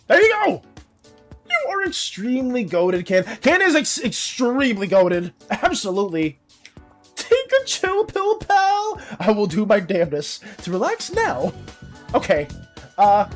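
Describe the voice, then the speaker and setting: A woman art streamer chatting casually on a live stream, excitable, laughing often and swearing. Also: fairly high pitch, measured pace, soft background music.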